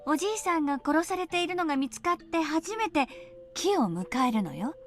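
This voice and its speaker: An actress voicing a teenage girl from a Japanese game who calmly lays out a murder story in a soft, deliberate way. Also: sits high, soft background music. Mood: eerie teasing. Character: teen girl calmly spinning a murder tale.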